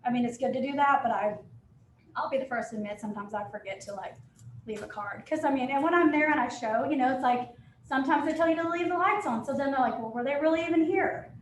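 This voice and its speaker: Candid, chatty realtor woman with a bright high voice, recorded in an echoey room. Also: fast, slight background noise. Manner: chatty, candid, quotes people in lively asides. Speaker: real estate agent. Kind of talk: casual panel talk.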